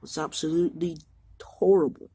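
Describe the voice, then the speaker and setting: A woman voicing a proud, grave male steam engine in a homemade toy-train story, speaking loudly and emphatically. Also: sits low, fairly even intonation, moderate pace, slight background noise.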